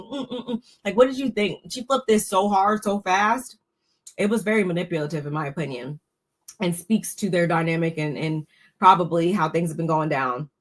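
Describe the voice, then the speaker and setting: Her voice is lowish and her pace moderate as she recaps a reality show in a casual, opinionated way. Chatty and free-flowing, she frequently restarts her sentences.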